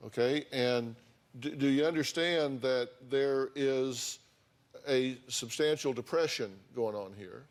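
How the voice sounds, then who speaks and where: A man's voice: mid-range voice, slow. A man hosting a talk show, lecturing guests in a blunt, sarcastic way from a TV studio. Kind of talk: confrontational talk show counseling.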